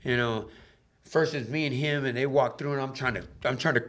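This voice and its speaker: A man telling his life story as a podcast guest in casual, animated storytelling, swearing freely and acting out the voices of the people in his story. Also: brisk. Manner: drops low and quiet on emotional moments.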